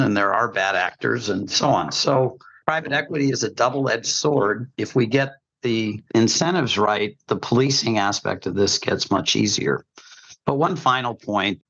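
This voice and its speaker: A man's voice: fairly low pitch, a bit bright. A man giving emphatic, opinionated commentary on a podcast, with folksy sayings, heard over slightly muffled remote audio. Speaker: healthcare commentator.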